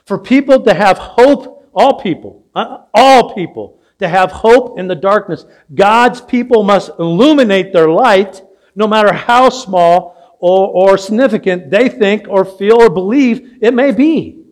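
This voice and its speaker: A man's voice: high voice, measured pace. An older man preaching a sermon as pastor, telling a story and asking the congregation questions. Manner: storytelling, asks the audience questions. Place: church sanctuary.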